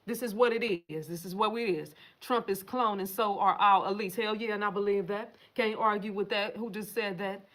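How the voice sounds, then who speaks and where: A woman's voice: medium pitch, normal speed, few pauses, fairly bright tone. A woman hosting a casual livestream, reading viewer comments and answering them in a profane, emphatic way straight to her viewers.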